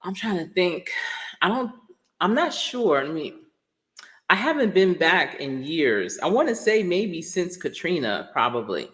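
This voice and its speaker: A woman's voice: fairly low pitch, sing-song, a little slow, a bit bright. A woman coach chatting casually on a live stream. She rambles, laughs often and answers her viewers directly.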